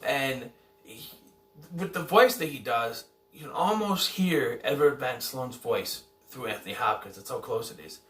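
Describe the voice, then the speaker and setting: A man's voice: mid-range voice, expressive, unhurried, fairly bright tone. A man giving a casual, rambling movie review, often correcting himself and unsure of details. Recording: echoey room, somewhat far from mic.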